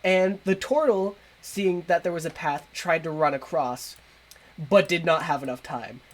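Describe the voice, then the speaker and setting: Laughing, halting game master. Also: male voice, fairly high pitch. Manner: laughs often, hesitant with fillers. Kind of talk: narrating a tabletop game.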